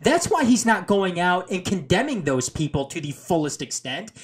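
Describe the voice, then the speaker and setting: A man's voice: sits high, sing-song, normal speed. A man co-hosting a sports talk show, arguing his point emphatically and repeating himself for stress. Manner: emphatic, reads viewer comments aloud; passionate, repeats himself when making a point. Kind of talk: casual debate.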